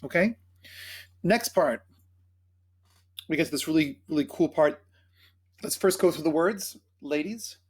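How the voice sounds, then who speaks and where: A man's voice: fairly high pitch, husky. A man teaching choir singers the words and phrasing of a carol, explaining pronunciation and singing short phrases to demonstrate. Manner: coaching diction, speaking then singing phrases slowly. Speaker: choir director. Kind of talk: choral rehearsal instruction with sung demonstrations.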